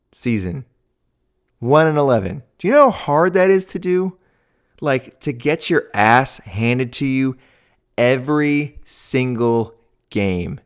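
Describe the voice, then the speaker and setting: A man's voice: mid-range voice, clear, resonant tone. A man, a swim coach hosting a show, giving casual sports commentary in a loose, slangy way that grows heated. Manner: casual, heavy with "like" and "dude", grows heated and ranting.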